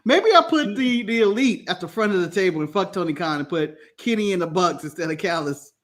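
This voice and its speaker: Brisk and high-voiced, this man from the United States is a podcast co-host in a relaxed watch-along conversation. He's lively and jokey, breaking into laughter a lot.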